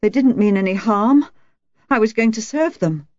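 A woman reading a hoarse, nervous battered wife. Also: on the high side, moderate pace, no echo, highs cut off, voice pushed up, lightly acted. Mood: bitter. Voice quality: hoarse and soft. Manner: quavering, bursts out shrilly. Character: anxious battered wife, woman, bitter and self-mocking.

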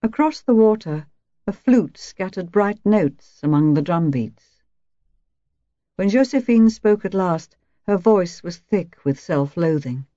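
Woman narrator, audiobook, low mellow voice, calm and measured, dull dry recording. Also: dry recording. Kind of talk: scripted first-person narration.

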